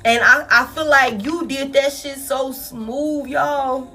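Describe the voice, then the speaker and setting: Slow-paced and steady in tone, a high-voiced woman reads tarot for her audience against soft background music. Her delivery is casual and blunt, laced with profanity, and she calls them "y'all."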